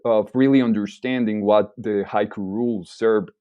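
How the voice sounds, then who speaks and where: Low-voiced man, hesitant and thoughtful. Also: fairly even intonation, normal speed, warm tone, clear, resonant tone, no echo, highs cut off. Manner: hesitant, filler-heavy, thoughtful. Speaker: podcast guest, writer. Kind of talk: casual podcast interview.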